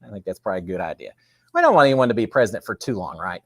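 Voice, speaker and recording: Lively man chatting. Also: on the low side, very fast, no room sound, studio quality. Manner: chatty, enthusiastic, many fillers. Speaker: host. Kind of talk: casual livestream chat.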